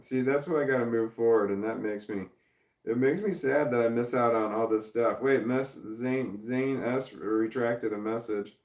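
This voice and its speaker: A man on a casual livestream, reading chat comments aloud and rambling through them with lots of halting restarts. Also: mid-range voice, a little mellow, far from the mic. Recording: roomy, off-mic sound.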